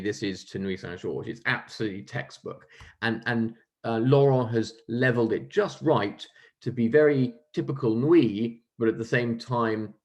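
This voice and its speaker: A man presenting wines at a virtual tasting, enthusiastic and chatty, with frequent ums and restarts. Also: on the low side. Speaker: wine merchant presenting a tasting. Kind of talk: casual virtual tasting talk.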